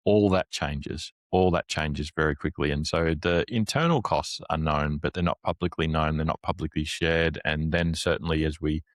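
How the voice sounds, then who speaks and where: Low-voiced man, analytical. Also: steady tone, moderate pace, hardly any pauses, no echo, clean studio sound. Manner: analytical, speaks in long building lists. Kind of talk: casual business chat.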